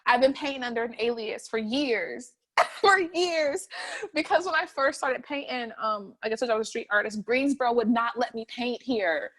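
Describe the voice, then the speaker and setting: A young woman, telling her story in an oral history interview, animated and often laughing, her voice catching with emotion. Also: on the high side, normal speed. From North Carolina, USA. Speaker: interviewee, street artist.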